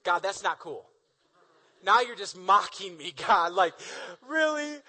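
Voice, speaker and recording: Picture a preacher acting out a frazzled, whiny Moses, a man at the end of his rope who pleads with God in loose slang. The voice sits high and sounds bright and edgy. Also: a little fast. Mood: exasperated. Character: exasperated complaining male leader Moses.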